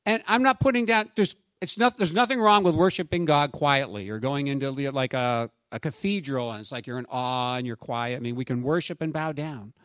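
A man preaching a sermon as pastor, in a conversational, animated way with asides to his congregation. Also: medium pitch, brisk, few pauses, no echo.

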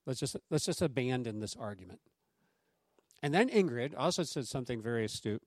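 A man's voice: mid-range voice, fairly quick, no echo. A middle-aged man preaching a sermon as pastor, conversational and anecdotal, speaking to the congregation and acting out quoted voices. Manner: acts out quoted voices in lively raised tones.

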